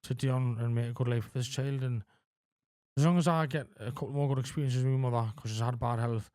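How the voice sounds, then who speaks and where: A man in his forties talking candidly as a podcast guest, halting with lots of fillers and frequent swearing. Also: medium pitch, steady tone, mellow, clean tone, no room sound, studio quality. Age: 40s. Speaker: podcast guest in addiction recovery. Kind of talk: candid conversational interview.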